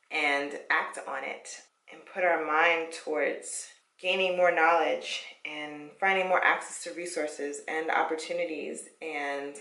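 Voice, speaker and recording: A woman's voice: low-pitched, gravelly, sharp tone, reverberant, far from the mic. A young woman chatting casually at home while taking out her hair, encouraging and laughing often. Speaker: vlogger. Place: her parents' home, indoors.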